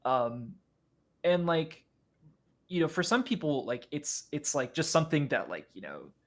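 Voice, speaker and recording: A man speaking as a podcast guest in casual discussion, halting and full of fillers and restarts. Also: a little high, big pitch swings, fairly bright tone.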